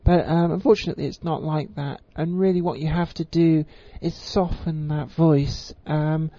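A woman giving an informal voice tutorial, with crisp, careful enunciation and frequent ums. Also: deep voice, fairly even intonation, moderate pace, warm tone, no echo. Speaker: voice coach. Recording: slightly muffled lo-fi recording.

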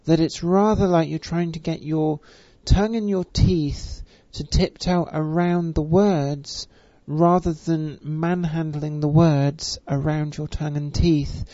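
A voice coach, speaking with deliberately stretched vowels and a careful, refined pronunciation, with frequent fillers. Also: female voice, low-pitched, fairly even intonation, warm tone, no echo. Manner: measured, elongated vowels, many fillers. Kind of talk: spoken voice lesson. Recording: dull, dry recording.

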